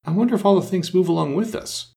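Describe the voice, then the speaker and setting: A man's voice: high voice, fast, creaky, mellow, pitched above the performer's own voice. A man voicing a curious, polite young girl who talks eagerly and a little breathlessly in a storybook reading. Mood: puzzled.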